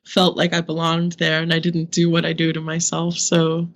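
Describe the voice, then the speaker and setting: A woman's voice: on the low side, completely flat delivery, moderate pace, hardly any pauses. A woman in her fifties from Brooklyn, a podcast guest speaking candidly and animatedly with frequent laughs. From Brooklyn, New York, US. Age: 50s. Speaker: podcast guest, social media consultant. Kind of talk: candid interview conversation.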